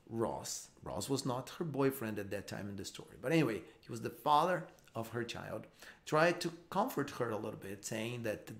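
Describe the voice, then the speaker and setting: Man, English teacher, live online lesson, patient explanations, frequent restarts, mid-pitched voice. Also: creaky. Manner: explains slowly with repeats and restarts.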